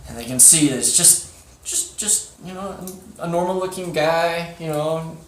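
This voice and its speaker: A man's voice: fairly high pitch, normal speed, a little hiss or hum. A man telling an improvised comic story, hesitant and laughing between bits. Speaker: podcast storyteller. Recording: roomy echo.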